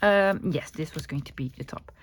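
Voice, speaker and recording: A woman's voice: deep voice, moderate pace, a little hiss or hum. A woman with a Dutch accent chatting casually while crafting at her desk, thinking aloud and answering her own questions. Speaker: crafting vlogger.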